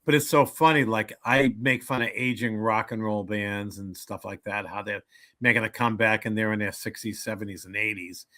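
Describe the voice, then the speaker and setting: Energetic older comedian man. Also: on the low side, normal speed. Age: 70s. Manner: animated joke-telling, acts out voices. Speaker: comedian guest. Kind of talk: casual interview storytelling.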